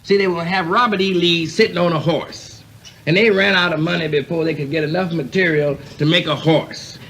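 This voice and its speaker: A man's voice: on the high side, steady tone, fairly quick, fairly bright tone. A male stand-up comedian telling loose, rambling jokes to a live audience on a comedy album. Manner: loose, rambling storytelling with chuckles.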